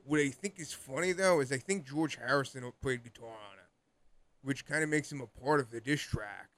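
A man's voice: medium pitch, normal speed, a bit bright. A young man co-hosting a podcast, chatting casually and rambling with lots of "like" and frequent laughter. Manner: rambling, laughs often, heavy use of "like". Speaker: podcast co-host. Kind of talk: casual chat.

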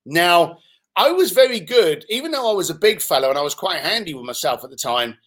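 London-accented guest in his fifties, fairly high voice with lots of melody, cheeky and animated raconteur. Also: fairly quick. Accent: London English. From London, England. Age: 50s. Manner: animated, swearing, laughs while telling stories. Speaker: interview guest. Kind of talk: casual storytelling in conversation.

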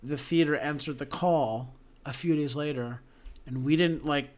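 A man co-hosting a podcast, talking about theater in an animated, emotional way with lots of restarts. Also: fairly high pitch, normal speed. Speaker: podcast co-host.

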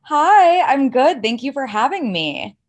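A young woman from Ohio, a podcast guest chatting casually with lots of "like" and a strong vocal fry, talking without a proper microphone. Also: high voice, sing-song, a little slow. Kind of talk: casual chat. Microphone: no proper mic, raw setup.

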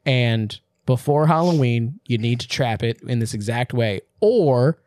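A man's voice: mid-range voice, expressive, measured pace, darkish tone, no echo, studio quality. Laid-back man co-hosting a podcast. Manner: laid-back, agreeable, swears casually. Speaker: podcast co-host. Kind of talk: casual movie recap chat.

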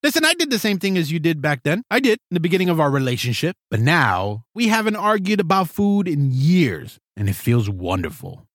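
A man's voice: a little high, very animated, fairly quick, few pauses, fairly bright tone, no echo, studio quality. Blunt, heated male podcast host. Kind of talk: acted couple skit with commentary.

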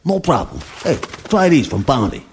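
An actor playing a gruff, pushy male mobster boss with a gravelly voice in a comedy ad sketch. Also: mid-range voice, sing-song, moderate pace, slight background noise, close to an everyday voice. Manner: tough-guy bluster in a comedy ad parody.

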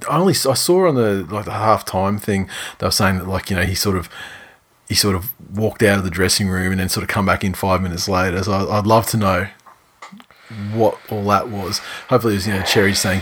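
A man's voice: low-pitched, fairly quick, a bit bright, a little hiss or hum. A man, co-hosting a sports podcast in casual, sweary, rambling chat. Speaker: podcast co-host.

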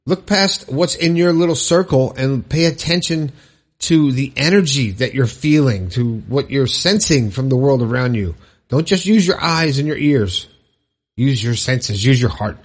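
A man's voice: medium pitch, a little slow. A man hosting his own positivity podcast, chatting cheerfully and laughing at his own jokes. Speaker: podcast host. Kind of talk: upbeat solo podcast talk.

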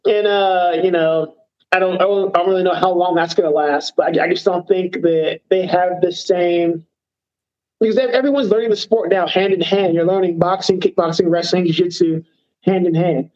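A man's voice: high-pitched, steady tone, moderate pace, a little mellow, lo-fi sound. A man, a professional fighter, talking casually in an interview, rambling with many fillers and poking fun at himself. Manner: rambling, self-deprecating, lots of fillers.

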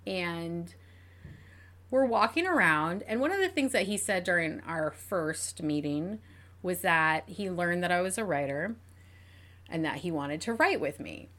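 A woman's voice: lowish voice, lively intonation, unhurried, a bit bright. A woman co-hosting a casual podcast, telling dating stories animatedly, giggling often and full of fillers. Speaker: podcast co-host.

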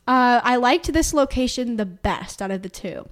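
A woman's voice: a little high, animated, normal speed. A woman in her twenties hosting a casual podcast chat, talking freely and laughing often as she goes. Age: 20s. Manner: chatty, laughs often, self-described dark sense of humor. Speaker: podcast host.

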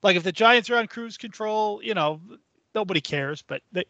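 Male podcast co-host, blunt profane griping, bright high voice, slightly muffled. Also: moderate pace, dry recording. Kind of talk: casual podcast banter.

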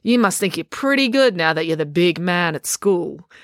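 A woman's voice: on the low side, lively intonation, normal speed, no room sound, studio quality. A woman voicing an earnest, slightly clueless young boy who hesitates as he talks.

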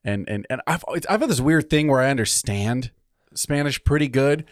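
A man's voice: mid-range voice, dry recording, studio quality. A man in casual podcast chat from California, telling stories with lots of laughter. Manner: animated storytelling, quick to laugh. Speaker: podcast co-host.

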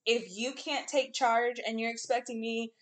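Young woman podcast co-host, fairly high voice, blunt and animated, acts out quotes. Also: moderate pace. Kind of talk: casual chat.

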